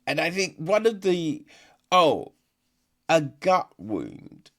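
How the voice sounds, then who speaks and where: A man talks through a film review in a loose, rambling podcast chat, leaning on fillers and tossing in "right?" again and again. His pitch rises and falls with lively movement, and he takes his time, speaking at an unhurried pace. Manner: rambling, exasperated, lots of fillers and rhetorical "right?".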